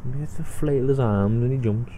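A man's voice: medium pitch, normal speed, warm tone, a little hiss or hum. A young man giving let's play commentary on a driving game, exclaiming and laughing often. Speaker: gamer.

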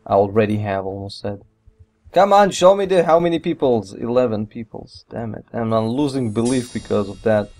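Excitable man rambling over gameplay. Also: medium pitch, moderate pace, soft background music. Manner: excitable, rambling, mild swearing. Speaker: let's play gamer. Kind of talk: gameplay commentary.

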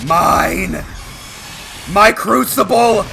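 A man giving excited gameplay commentary as a gaming channel host, with loud, animated exclamations. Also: sits high, extremely slow, gravelly, slight background noise.

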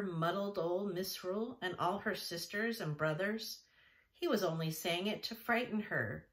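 A woman reading a classic children's novel aloud in a gentle, even narration. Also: on the low side. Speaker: audiobook reader. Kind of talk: storybook narration.

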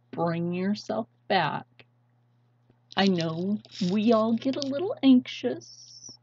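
Woman vlogger, husky and unhurried, urgent and pleading, dull lo-fi audio. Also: mid-range voice. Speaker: channel host. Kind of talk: impassioned vlog rant. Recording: dull lo-fi sound.

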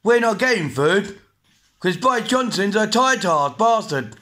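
Ranting high-voiced English man in his forties. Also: expressive, unhurried, pushed and bright. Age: 40s. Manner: agitated, repetitive, swearing, blunt. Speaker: vlogger. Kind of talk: angry rant to camera.

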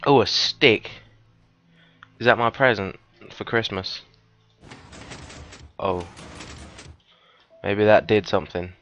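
A man giving cheeky, casual gameplay commentary, swearing often and breaking into sudden high, excited yelps. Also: slow, pauses often, highs cut off, slight background noise. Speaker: let's player.

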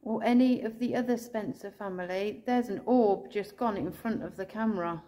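An English woman ghost hunter calling out to spirits indoors, speaking slowly and tenderly, sometimes tearful, recorded on a handheld camera. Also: medium pitch. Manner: soft, pleading, slow and tender, calling out with endearments. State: tearful at times.

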